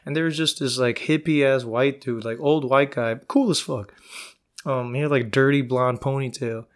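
A male podcast host delivers a casual solo monologue, rambling and profane as he tells stories. His mid-range voice holds a steady tone at a normal speed.

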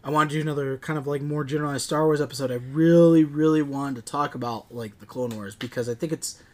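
Guy rambling on a podcast, excited, lots of ums and likes, casual chat. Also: a little high, fast. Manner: rambling and enthusiastic, with frequent fillers. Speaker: podcast co-host.

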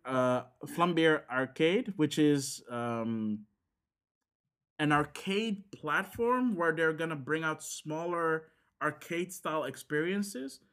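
A man's voice: on the high side, lively intonation, takes it slowly, fairly bright tone, smooth. Rambling man. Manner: rambling with many fillers and restarts. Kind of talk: casual chat about games.

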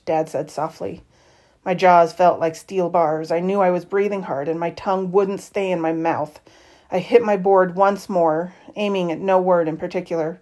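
Expressive woman reading a novel aloud. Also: fairly low pitch, measured pace. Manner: expressive first-person narration with lively shifts in tone. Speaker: audiobook reader.

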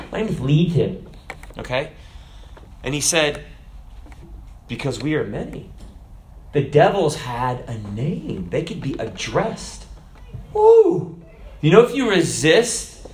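A man preaching a sermon in an animated way, often changing his pitch and loudness and putting on voices. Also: slight background noise. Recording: roomy echo.

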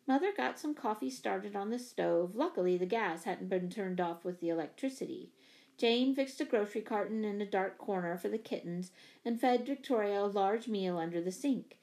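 A woman narrating a children's story in an even, expressive reading. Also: mid-range voice, moderate pace. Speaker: audiobook reader. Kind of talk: scripted narration.

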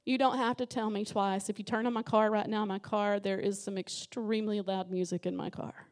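A middle-aged woman preaching a Pentecostal sermon in a church, impassioned and rising to shouts. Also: medium pitch, steady tone, a little fast. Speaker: guest preacher. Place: church sanctuary.

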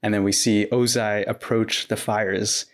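A man co-hosting a podcast, casually walking through scenes step by step in a relaxed way. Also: on the low side, measured pace. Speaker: podcast co-host recapping episodes. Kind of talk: casual recap chat.

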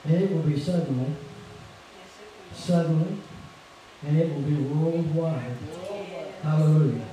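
A man preaching a sermon fervently, rising at times into shouted praise, heard in an echoey church from far off. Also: on the high side, measured pace, a crowd in the background.

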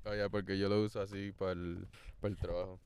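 A man's voice: deep voice, little pitch movement, fast, a little mellow, a little hiss or hum. A young man hosting a podcast, talking casually and profanely while driving, switching between English and Spanish. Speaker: podcast host. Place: inside a car on the highway.

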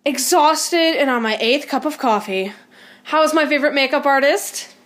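An actress plays a flustered young wardrobe assistant with a high voice. She stumbles, rushes and apologizes. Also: a bit bright.

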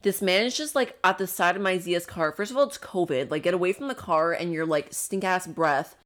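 A young woman with a slightly low voice chats casually as a podcast co-host. She is frank and straight up, fills her talk with "like", and swears without fuss. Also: brisk, a bit bright. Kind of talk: casual chat.

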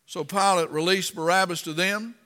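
A man preaching a sermon and reading scripture aloud, impassioned and dramatic, rising to loud emphasis. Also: sits high, steady tone, moderate pace, big-room sound.

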